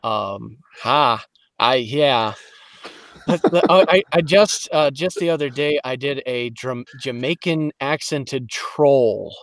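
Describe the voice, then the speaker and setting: A man from Detroit, a voice actor guest on a podcast, telling lively stories in casual chat and slipping into quick voices. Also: medium pitch, no room sound, studio quality. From Detroit, Michigan. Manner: animated storyteller, slips into quick voices.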